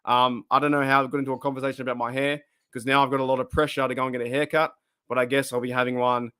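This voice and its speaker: A man's voice: medium pitch, little pitch movement, rapid-fire, a bit bright, clean tone. A middle-aged Australian man hosting a casual live stream, chatting, rambling and laughing often as he reads viewer comments.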